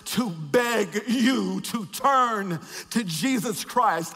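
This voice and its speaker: High-voiced preacher in a reverberant hall. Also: male voice, lively intonation, very slow, hardly any pauses, slightly rough. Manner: builds to shouted, repeated refrains with rhythmic preaching cadence; drops to quiet, joking asides to the congregation. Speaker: pastor. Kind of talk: sermon. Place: large church sanctuary.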